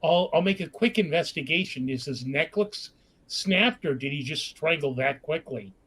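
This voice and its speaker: A man's voice: on the high side, expressive, normal speed, a bit bright, breathy edge. A man playing in a tabletop game, engaged and declaring his character's actions in first person. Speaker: player. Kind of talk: tabletop role-play, speaking as his character.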